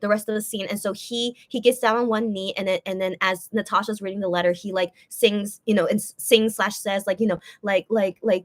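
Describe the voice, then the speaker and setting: A woman's voice: medium pitch, fairly even intonation, a little fast, hardly any pauses. A woman casually recapping a musical performance she saw, rambling with lots of fillers and restarts. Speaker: musical theater fan reviewing a show. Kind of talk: casual spoken review.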